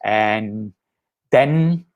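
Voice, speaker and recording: A man's voice: on the low side, animated, drawn-out words, lo-fi sound. Patient man teaching Buddhist ideas. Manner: patient, explanatory, checks in with "right?" and "okay?". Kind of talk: lecture explaining slides.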